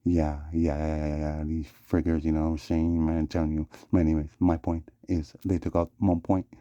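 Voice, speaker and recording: A man's voice: a bass voice, flat delivery, brisk, warm tone, no echo, lo-fi sound. A man delivering a rambling vlog monologue, repeating "yeah" and "yes" as refrains. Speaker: vlogger.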